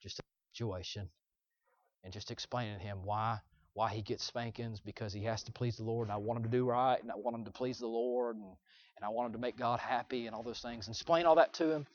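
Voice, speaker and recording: A young man preaching, telling a personal story in an earnest, confessional way that swings from loud to hushed. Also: mid-range voice, steady tone, brisk, muffled recording. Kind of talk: sermon illustration.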